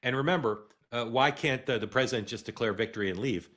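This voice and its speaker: A middle-aged man hosting a live political news show, talking in a halting way with many "uh"s and restarts. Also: medium pitch, fairly bright tone. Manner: halting, filler-heavy delivery with frequent "uh" and restarts. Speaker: host.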